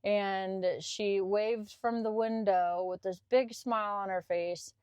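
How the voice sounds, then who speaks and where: Caregiver lady telling a heartfelt story, smooth clear voice, gets choked up, dry close mic. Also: mid-range voice, fairly even intonation, slow pace, no room sound. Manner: warm, emotional, chokes up easily. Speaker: podcast guest, caregiver.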